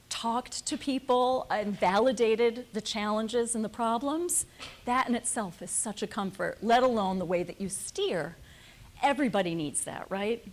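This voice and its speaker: Earnest woman telling a personal story. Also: mid-range voice. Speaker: panel speaker. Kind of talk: prepared panel talk.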